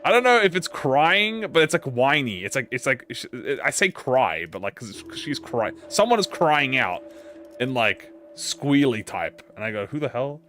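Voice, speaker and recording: Lively, rambling, profane male streamer. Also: mid-range voice, moderate pace, slight background noise. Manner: rambling, profane, with stammered restarts. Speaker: game streamer. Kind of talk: casual live-stream chat.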